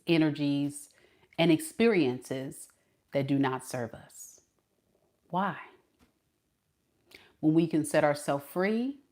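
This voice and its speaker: Hosting a casual live stream, a low-pitched woman tarot reader chats playfully with her viewers. She greets them and laughs often.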